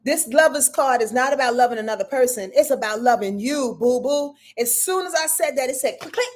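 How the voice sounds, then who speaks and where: Addressing her audience straight on as "y'all," an affectionate astrologer hosts her live weekly forecast, emphatic and preachy, repeating phrases for effect. She speaks briskly in a high-pitched voice with lively intonation.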